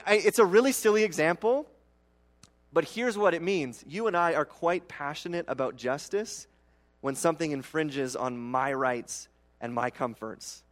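A pastor delivering a sermon in a somewhat high-pitched male voice. He keeps it conversational, tossing in rhetorical asides to the audience and acting out the complaints of everyday people. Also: a little slow, fairly bright tone.

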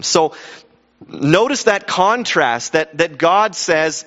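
A man's voice: a little high, takes it slowly. Man preaching in an echoing hall. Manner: animated, acts out quoted voices with restarts. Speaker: pastor. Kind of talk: sermon. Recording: dull sound with long hall reverb.

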